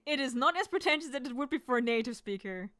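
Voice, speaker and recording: A woman from Germany with a German accent, a native German speaker chatting casually while drawing on stream, talking fast and sometimes fumbling her words. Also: high voice, expressive, fairly bright tone. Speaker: artist streamer.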